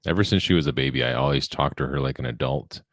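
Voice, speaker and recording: A man in casual podcast chat, talking in a deadpan monotone. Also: extremely low pitch, fast talker, no echo, clean studio sound. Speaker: podcast co-host.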